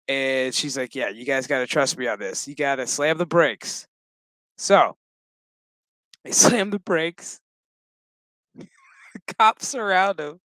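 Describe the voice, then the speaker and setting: Slow-talking joking man with a smooth voice. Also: medium pitch, fairly bright tone, dry recording, low-quality recording. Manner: crude, joking, chuckles between lines, acts out characters' quotes. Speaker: show recap host. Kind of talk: casual profane episode recap.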